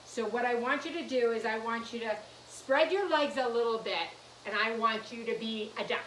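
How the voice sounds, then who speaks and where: A woman teaching a yoga class to young children, gentle and playful, coaxing them through poses. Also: on the high side, moderate pace, a little hiss or hum. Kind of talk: guided kids' yoga lesson. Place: room in a nursery school. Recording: echoey room, mic at a distance.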